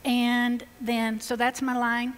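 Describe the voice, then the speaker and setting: A woman's voice: fairly high pitch, completely flat delivery, slow. Chatty Southern woman with a Georgia accent. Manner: chatty, enthusiastic, folksy. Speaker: floral designer presenting on stage. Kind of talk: live stage design demonstration. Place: stage at a symposium in a large hall. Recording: long reverb of a large hall.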